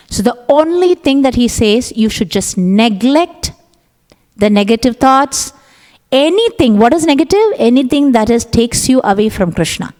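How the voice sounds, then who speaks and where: Woman, fairly high voice, conversational class speaker, recorded with long reverb in a temple hall. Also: sing-song, moderate pace, a little mellow. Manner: conversational, acts out her own thoughts in quotes. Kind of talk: scripture class talk.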